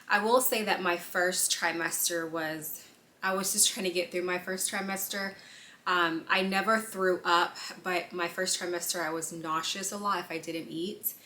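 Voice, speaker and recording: Chatty young woman, bright voice. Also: lowish voice, steady tone. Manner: chatty, filler-heavy, quick asides. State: slightly out of breath. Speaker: vlogger. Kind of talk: casual pregnancy update vlog. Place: indoors on a lunch break.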